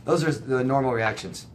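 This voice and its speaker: A man's voice: mid-range voice, slight background noise. A man answering viewer questions as a life coach, blunt and emphatic, swearing now and then to drive a point home. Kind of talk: casual direct-to-camera advice.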